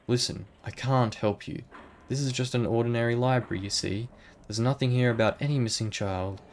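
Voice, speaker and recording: A man's voice: mid-range voice, slight background noise, lightly acted. A man putting on a sugary prim lady librarian. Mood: upset. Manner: sugary, calls people dearie. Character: prim late-middle-aged woman librarian, sweetly sharp. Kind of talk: reading game dialogue aloud.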